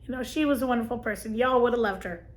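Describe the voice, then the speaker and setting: An earnest woman with a fairly high voice shares a personal story and gentle advice on camera. She talks softly and sincerely, like a vlogger speaking straight to her viewers. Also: quick pace. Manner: earnest, gentle, emotional at times.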